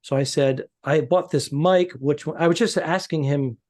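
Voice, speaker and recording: A man co-hosting a comedy podcast in casual chat, telling a halting story and repeating his words. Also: on the high side, darkish tone.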